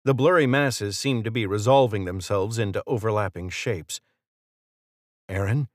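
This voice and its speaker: A low-voiced male audiobook narrator reads scripted narration at a moderate pace. The studio recording is clean, with no echo.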